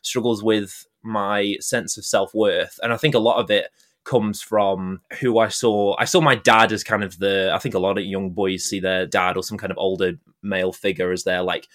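A man's voice: lowish voice, steady tone, normal speed, a bit bright. A young man from Staffordshire, a guest on a podcast, talking in a candid, earnest way with a stuffy, nasal voice from a cold. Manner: earnest, candid, laughs easily. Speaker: guest, mental health advocate. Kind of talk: podcast interview.

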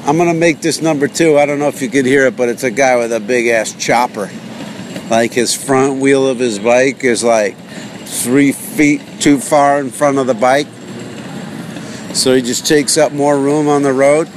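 A man's voice: mid-range voice, steady tone, moderate pace. Sarcastic man ranting while driving. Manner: rambling, sarcastic, self-mocking. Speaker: podcast host. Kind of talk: solo podcast rant. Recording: car with road noise behind.

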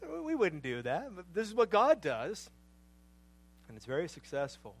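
A middle-aged man preaching a sermon, emphatic, repeating phrases, swelling to loud passionate peaks and then dropping low. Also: wildly swooping pitch, a little slow, slightly rough, poor audio.

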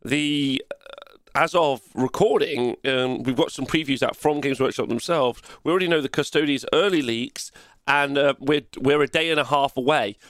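Jokey English host with a Nottinghamshire accent. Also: male voice, mid-range voice, moderate pace, fairly bright tone, no room sound. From England. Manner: loose, jokey, lots of fillers and laughs. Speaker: podcast host. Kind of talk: casual live-stream chat. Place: live streaming studio.

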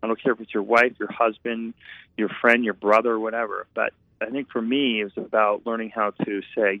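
A man's voice: on the low side, little pitch movement, a little fast, no echo. A man, a painter and former architect, telling his story in an earnest, rambling way over a tinny, phone-like sound. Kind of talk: reflective storytelling.

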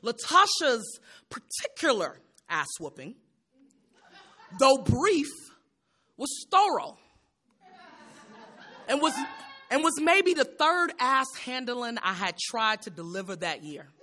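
Woman poet, spoken word set; high, bright, unhurried, bold and funny with a rhythmic refrain. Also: very animated. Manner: rhythmic, with repeated refrains and shifting emphasis; bold, raw and humorous. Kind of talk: spoken word poetry performance.

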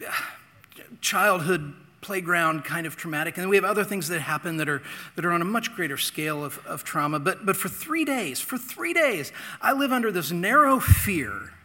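A middle-aged man telling a childhood story in a sermon, earnest, with dramatic pauses and repeated phrases. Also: on the high side, pushed and bright. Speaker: pastor. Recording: long hall reverb.

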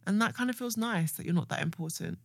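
A podcast co-host talks in a soft, reflective way, with a mid-range voice recorded dry and close. The delivery is unhurried and thoughtful. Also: medium pitch, no room sound. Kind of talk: casual chat.

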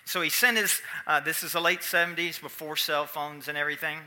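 Preacher guy spinning a folksy story, kinda high voice, real sharp and tense tone. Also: fairly even intonation, brisk. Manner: folksy, chatty, with audience asides. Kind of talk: sermon storytelling.

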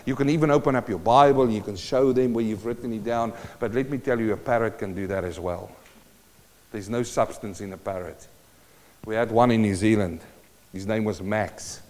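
A man's voice: on the low side, brisk, a little mellow. A man preaching a sermon, quoting scripture and building emphatically in intensity. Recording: long reverb of a large hall.

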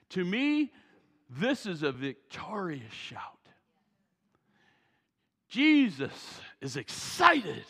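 Brief: male pastor, high bright voice, gravelly edge, folksy sermon in a reverberant hall. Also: extremely slow, pauses often. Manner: animated, folksy, joking asides. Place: church sanctuary. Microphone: wearing a mic.

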